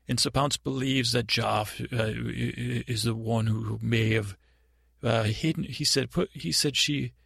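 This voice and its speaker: Comedy improv: man as a naive young prince, halting and meandering, low-rasp fry, breathy edge. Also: steady tone, a bit bright, no room sound, clean studio sound, heavily acted. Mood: rambling. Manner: halting, stammering, meandering storytelling. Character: timid naive boy prince, rambling and fearful. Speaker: improv comedy podcast performer. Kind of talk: improvised comic monologue.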